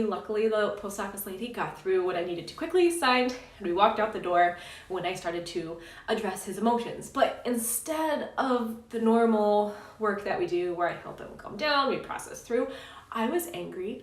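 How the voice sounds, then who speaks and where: A woman in her thirties, a parenting coach, telling a personal story in an earnest, chatty way and checking in with "right?". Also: medium pitch. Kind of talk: casual advice talk to camera. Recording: roomy echo, slightly distant mic.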